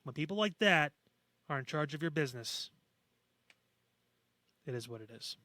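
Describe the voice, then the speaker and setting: A man's voice: on the high side, expressive, moderate pace, bright, forceful tone, no echo. A man co-hosting a podcast in casual chat, blunt and sarcastic, with frequent swearing. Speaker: podcast co-host.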